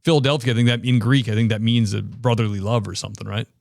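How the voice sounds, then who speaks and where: A man's voice: fairly low pitch, fairly even intonation, quick pace, creaky, darkish tone, no echo, studio quality. A man from the Boston area hosting an interview, chatty and enthusiastic with lots of fillers. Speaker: podcast host. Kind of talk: casual interview chat.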